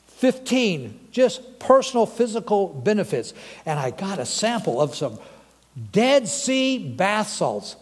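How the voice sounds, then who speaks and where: Guy pastor giving a sermon, chatty, asks the room questions, kinda high voice, long church hall echo. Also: a little mellow. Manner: conversational, asks the congregation questions. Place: church sanctuary.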